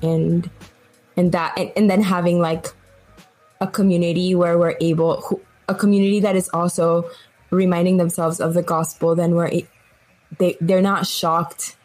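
A woman with a fairly low voice speaks in a flat, even tone, often pausing on fillers as she works out her thoughts. Faint music runs under her talk. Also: low-quality recording. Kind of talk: casual faith discussion.

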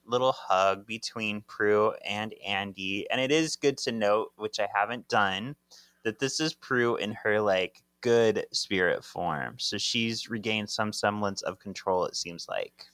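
A young man co-hosting a podcast, retelling a comic in casual chat, animated and laughing often. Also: fairly low pitch, a little slow, clean tone, dry recording. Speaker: podcast co-host.

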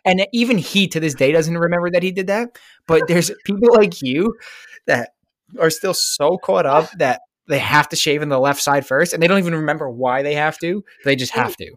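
A man's voice: on the high side, normal speed, fairly bright tone, no room sound. A man co-hosting a podcast, bantering casually with lots of swearing. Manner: profane, laughing banter. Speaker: podcast co-host. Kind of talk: casual chat.

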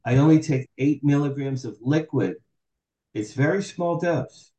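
Man, 60s, podcast guest. Animated storyteller, dark mellow tone, echoey room. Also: on the high side, measured pace, lo-fi sound. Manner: animated, acts out quoted dialogue. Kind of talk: candid storytelling interview.

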